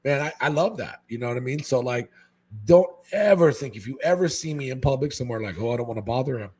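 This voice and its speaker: A husky man from Hawaii chats as a podcast guest. His voice sits at an ordinary pitch, but he keeps launching into excited, high quoted voices. He drops "man" into nearly every sentence. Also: a little fast. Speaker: guest, fish-keeping content creator. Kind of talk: casual podcast chat.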